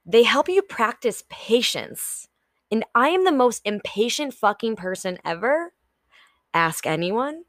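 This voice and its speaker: Young woman, solo podcast host, unhurried and candid, swears casually, dry close mic. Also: fairly high pitch, very animated, no room sound. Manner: candid, swears freely, acts out her own inner voice. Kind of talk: solo motivational podcast talk.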